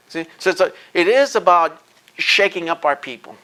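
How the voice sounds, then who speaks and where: A man's voice: high voice, normal speed, pushed and bright, rough recording. A man answering audience questions after a lecture, talking in an impassioned, emphatic way and repeating points for force. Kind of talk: impassioned Q&A talk. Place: lecture event.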